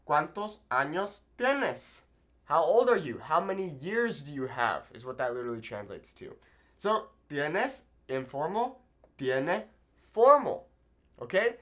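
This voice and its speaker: A man's voice: on the high side, big pitch swings, moderate pace, a bit bright. A man teaching a Spanish lesson at a whiteboard, explaining patiently and checking in with "okay?" after each point. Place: room with a whiteboard.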